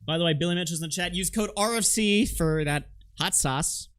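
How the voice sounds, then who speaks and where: A man's voice: high-pitched, brisk, fairly bright tone, clean tone. A man streaming live, reacting to clips with sarcastic, laughing commentary. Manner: mocking, sarcastic, laughs a lot.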